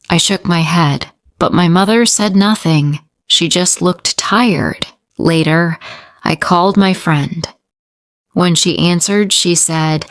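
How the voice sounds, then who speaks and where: A woman reading a first-person story aloud slowly and carefully for English learners. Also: lowish voice, animated, smooth, dry recording, studio quality.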